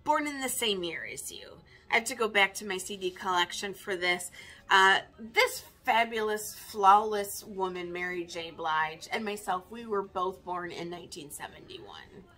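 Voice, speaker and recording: A woman's voice: medium pitch, normal speed, sharp tone. A woman in her fifties, a record collector chatting casually in a vinyl tag video, wry and self-mocking. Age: 50s.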